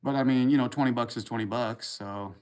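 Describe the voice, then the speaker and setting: A man hosting a live stream in a mid-pitched voice, bantering loosely with his viewers. He rambles from joke to joke with a crude sense of humor, reading comments as they come in and answering them like friends hanging out. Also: a little fast, a little mellow, clean tone. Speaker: livestream host. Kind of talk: casual livestream chat, reading comments.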